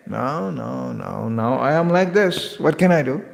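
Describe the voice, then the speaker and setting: A man with a gravelly, somewhat high voice gives a devotional lecture. He is lively and joking and often acts out the people he talks about. The sound rings with a long reverb, as in a large hall. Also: slow. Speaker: spiritual teacher.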